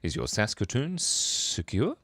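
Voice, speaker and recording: A man's voice: mid-range voice, sing-song, a little slow, gravelly, a bit bright. A man hosting a casual livestream chat, playful and silly, often giggling. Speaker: livestream host.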